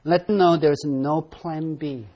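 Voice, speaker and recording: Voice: medium pitch, steady tone, slow, husky, highs cut off. A Bible study teacher leading an interactive class, calling on members to read verses aloud and stressing key words with emphatic repetition.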